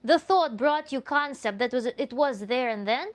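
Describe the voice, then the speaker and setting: A woman with a Russian accent answers viewer questions as a coach, her voice sitting a little high. She talks in an animated, earnest way, restarting phrases as she works out her thoughts. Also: normal speed. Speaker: tantra coach.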